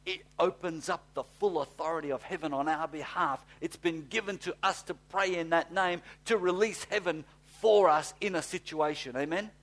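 A man preaching a sermon, swinging from hushed, slow reading to fired-up shouting, with blunt, folksy asides. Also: fairly high pitch. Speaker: pastor.

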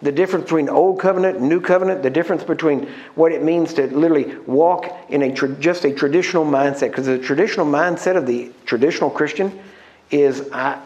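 A man preaching a sermon, emphatic, slowing down to stress key words and asking the congregation questions. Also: on the high side, a little mellow, dull audio.

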